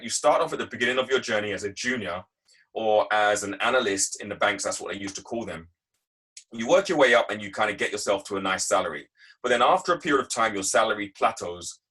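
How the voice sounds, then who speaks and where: A man's voice: on the low side, pushed and bright, breathy edge, rough recording. A man giving a motivational talk, telling stories from his working life in an emphatic, repetitive way. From England. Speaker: guest speaker. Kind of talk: motivational talk on a video call.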